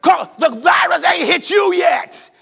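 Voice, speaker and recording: A man preaching a sermon, shouting in a sing-song cadence. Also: extremely high pitch, expressive, a little slow, gravelly. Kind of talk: whooping sermon.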